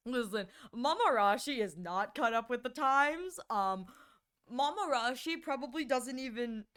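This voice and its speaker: A young woman streamer chatting casually and telling animated stories to her viewers, often laughing. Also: on the high side, unhurried, clear, resonant tone. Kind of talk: casual livestream chat.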